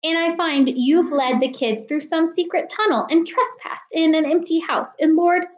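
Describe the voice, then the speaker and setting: A woman's voice: extremely high pitch, fairly even intonation, moderate pace, pitched above the performer's own voice. A woman voicing a stern, exasperated mother who scolds sharply, in a roomy echo. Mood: scolding.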